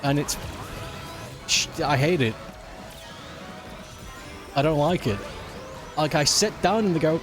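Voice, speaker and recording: A man's voice: on the high side, lively intonation, unhurried, long pauses, music in the background. A man ranting casually and with exasperation while he plays a racing game on stream, swearing often. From United Kingdom.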